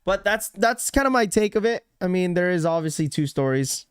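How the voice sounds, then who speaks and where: A man's voice: high voice, lively intonation, moderate pace, smooth, dry recording, clean studio sound. A young man hosting a casual livestream, reading out chat messages and rambling with lots of fillers and repeats. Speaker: livestream host.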